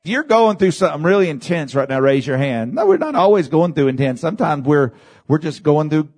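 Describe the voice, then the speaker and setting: A male pastor preaches to his congregation in a fairly high voice that leaps and falls with real animation. He builds to shouted peaks and keeps calling for amens from the room. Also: lively intonation, brisk, husky. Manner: preaching with big swings in pitch, shouting at peaks; addresses congregation with calls of amen. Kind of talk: sermon.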